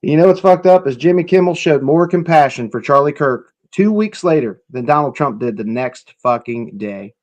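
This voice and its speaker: A man's voice: a little high, animated, normal speed, hardly any pauses, a little mellow, muffled recording. A man hosting a casual live stream, reacting to clips and chatting with viewers in an offhand, profane way. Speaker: livestream host.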